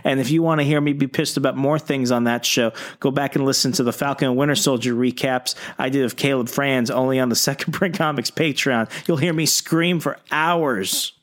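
Brief: male co-host, fired-up fan rant, mid pitch. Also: steady tone, a little fast, hardly any pauses. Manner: fired-up, ranting. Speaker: podcast co-host. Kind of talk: casual comic podcast chat.

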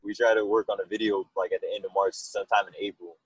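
A man being interviewed about his music, talking in a loose, rambling way and telling animated stories. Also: on the low side, fast talker, breathy edge, no echo, low-quality recording. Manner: rambling, animated storytelling with laughs. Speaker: musician guest. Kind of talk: casual interview chat.

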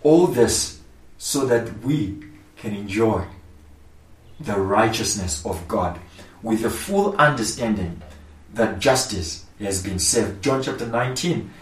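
A man's voice: lowish voice, lively intonation, slow pace. A male pastor preaching a sermon, emphatic and repetitive, with rising outbursts. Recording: echoey room, voice from far off the mic.

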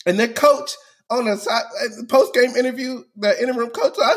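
A man's voice: extremely high pitch, fairly even intonation, moderate pace, husky. A man co-hosting a podcast, ranting animatedly and laughing often. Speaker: podcast co-host. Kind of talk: casual chat.

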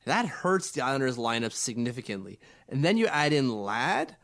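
A man's voice: medium pitch, sing-song, moderate pace, a bit bright. Man chatting while getting over a cold. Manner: rambling, stammering restarts. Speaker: podcast co-host. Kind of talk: casual sports chat.

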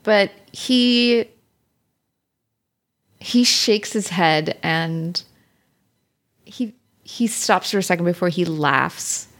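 A woman's voice: fairly low pitch, extremely slow, pauses often, a bit bright. Playful giggly woman narrating a role-play game. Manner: playful, giggly, narrates her character's actions. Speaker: co-host and player.

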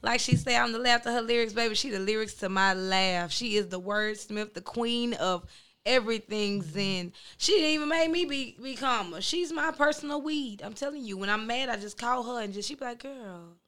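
A woman co-host talks with loud, playful, high energy. Her voice is bright and forceful and sits fairly high. She tells her stories in a chatty, animated way. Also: moderate pace. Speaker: co-host and event host. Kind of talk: casual hype talk and storytelling.

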